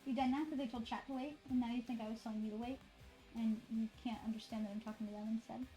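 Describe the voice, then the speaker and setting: A woman's voice: fairly high pitch, steady tone, fast, dark tone, soft background music. A woman streamer chatting casually and rambling, swearing freely and talking to her dog between thoughts.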